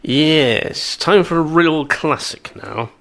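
A man's voice: on the high side, expressive, slow, vocal fry, noisy background. Teasing man hosting radio chat. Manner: teasing, playful banter. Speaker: radio host.

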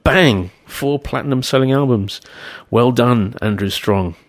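A man's voice: mid-range voice, measured pace, no echo. Rambling, self-deprecating male radio host. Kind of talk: casual radio chat.

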